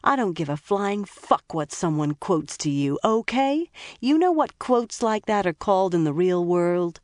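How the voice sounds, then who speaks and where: A woman's voice: on the low side, big pitch swings, measured pace, no room sound, studio quality, voice pushed up. An audiobook narrator voicing a tough, profane female police deputy with a blunt, sarcastic manner. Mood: ranting sarcastic. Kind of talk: audiobook character voice.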